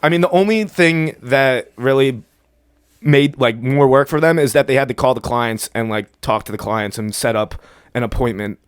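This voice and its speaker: A man in his thirties from New Jersey, a podcast guest telling a story in casual chat, laughing often and quoting people in animated bursts. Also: medium pitch, normal speed, clear, resonant tone, no room sound, studio quality. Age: 30s.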